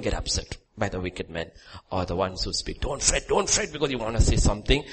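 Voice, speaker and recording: Preacher man with a husky voice. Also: lowish voice, big pitch swings, a little fast. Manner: swings from quiet asides to loud, soaring exhortation; repeats short commands for emphasis. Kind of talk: sermon.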